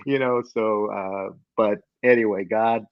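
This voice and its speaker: A man's voice: fairly low pitch, steady tone, a little slow, dry recording, dull audio. A man in his fifties, a guest from the Chicago area, telling a personal story with many restarts and laughing at himself.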